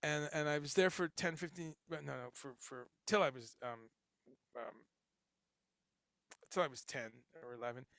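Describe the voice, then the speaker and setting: Man, middle-aged, livestream host, gravelly, bright, rambling casual chat, dry close sound. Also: a little high, moderate pace, pauses often, no room sound. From grew up in Chicago and Guyana, later New Jersey. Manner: rambling, animated, swearing, laughing, reads chat aloud.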